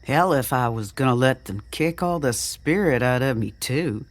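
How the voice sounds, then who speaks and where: A young man who was once a child soldier, still upbeat, speaks in a low, hushed voice, put on by a woman narrator. His lines sit deep and quiet in a dry, close recording. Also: lively intonation, normal speed, no echo.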